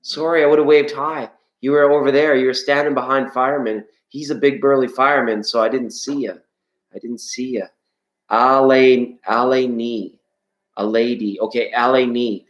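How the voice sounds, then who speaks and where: A man's voice: mid-range voice, steady tone, moderate pace. Playful man in an echoey room. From Canada. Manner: playful, chatty, breaks into sung scales. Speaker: live-stream tarot host. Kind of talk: casual live-stream chat reading viewer comments.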